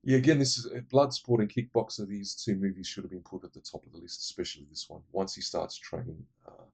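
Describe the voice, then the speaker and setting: A man's voice: low-pitched, steady tone, fast talker, gravelly, a little mellow, husky. A man casually retelling a movie plot for his film-ranking vlog, digressive, blunt and profane. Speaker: movie list vlogger.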